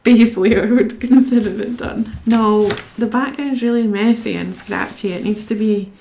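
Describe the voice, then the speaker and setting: A woman's voice: mid-range voice, fairly even intonation, a little slow, vocal fry, dark tone, a little hiss or hum. A young woman from Scotland chatting casually to her live-stream viewers while she colours, reading out their comments and talking to herself as she works.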